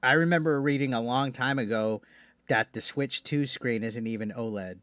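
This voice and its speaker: A man's voice: medium pitch, normal speed, a bit bright, smooth, no echo. A man hosting a live call-in stream, talking casually with frequent restarts and swearing. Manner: rambling, profane, many restarts. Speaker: streamer host.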